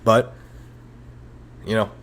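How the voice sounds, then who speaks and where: A man's voice: drawn-out words, a bit bright, a little hiss or hum. A man hosting a comedic history podcast, rambling and sarcastic, with frequent profane rants. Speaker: podcast host.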